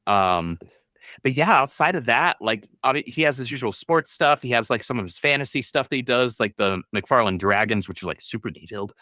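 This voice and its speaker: A man co-hosting a casual podcast, talking hesitantly with many pauses and self-corrections. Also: mid-range voice, expressive, bright, forceful tone, no echo, studio quality. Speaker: podcast co-host. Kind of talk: casual chat.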